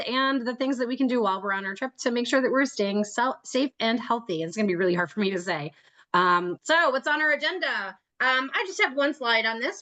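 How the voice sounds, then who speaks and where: A woman's voice: a little high, fairly bright tone. A woman leading an online trip-planning meeting over a video call, chatty and joking, laughing often as she talks. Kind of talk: casual meeting talk.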